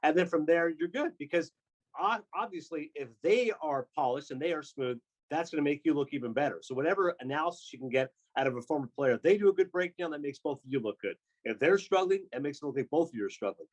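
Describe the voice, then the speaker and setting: A man from Canada, a sports broadcaster, telling quick animated stories in a casual podcast chat. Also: on the high side, rough recording. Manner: fast, animated storyteller with quick asides.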